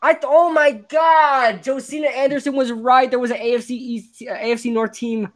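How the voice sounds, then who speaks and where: A woman's voice: high-pitched, steady tone, moderate pace. A woman hosting a live sports podcast, ranting in exasperation and repeating herself. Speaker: podcast host.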